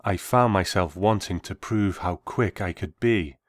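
Deep male narrator for a reflective first-person tale; unhurried, dry booth sound. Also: no echo. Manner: measured, reflective. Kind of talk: first-person story reading.

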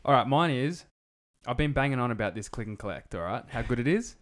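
An Australian man co-hosting a casual podcast, telling stories with lots of swearing and a lively delivery. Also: mid-range voice, fast talker. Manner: sweary, animated storyteller. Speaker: podcast co-host. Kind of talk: casual chat.

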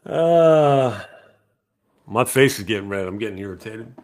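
A middle-aged podcast host talks bluntly and profanely in a casual live-stream chat. His voice is fairly low and darkish, with lively intonation and a measured pace.

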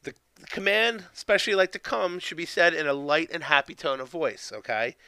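A man teaches obedience basics in a casual, rambling way, stopping after each point to ask "okay?". His voice is bright and crisp and pitched a little high. The recording is dry, with no room sound. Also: a little fast, dry recording. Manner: keeps tagging sentences with "okay?"; loose, conversational, with fillers and restarts. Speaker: dog training instructor. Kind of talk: instructional talk.

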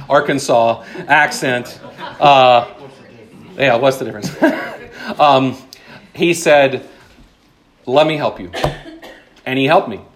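A married man preaching a sermon, earnest and conversational, dropping to a hushed voice on key points. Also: mid-range voice. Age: adult, married with children. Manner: earnest, drops to a hushed voice for emphasis; conversational asides with self-deprecating humor. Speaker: pastor.

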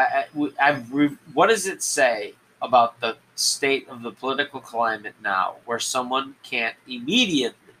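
A man hosting a solo podcast, talking in a rambling, halting way with many restarts. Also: medium pitch, pushed and bright, a little hiss or hum, low-quality recording. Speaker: podcast host. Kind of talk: solo political commentary podcast.

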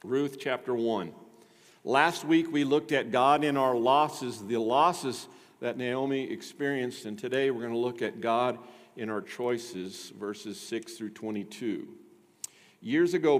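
Brief: male pastor, lively sermon with playful asides, long church reverb. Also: medium pitch. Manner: lively, with joking asides to the congregation.

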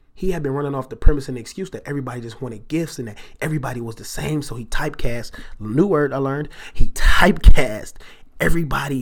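Animated man telling a story casually. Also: medium pitch. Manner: animated, jumps into exaggerated character voices and back. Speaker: podcast host.

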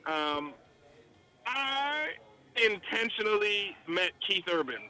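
A man telling stories as a country singer guest in a casual podcast chat, excitable and slangy with lots of restarts. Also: high-pitched, slow pace, clean tone, rough recording.

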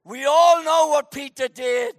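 High-voiced, animated preacher. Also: male voice, measured pace, dry recording, clean studio sound. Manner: animated, joking, shouts for emphasis. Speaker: pastor. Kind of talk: sermon.

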